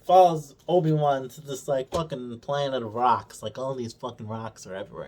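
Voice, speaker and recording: A man's voice: mid-range voice, moderate pace, darkish tone. A man giving a casual, profanity-heavy review rant, mocking and exasperated, retelling scenes in his own words. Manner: swears constantly, mocking and exasperated; retells scenes by acting out characters' lines. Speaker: video reviewer.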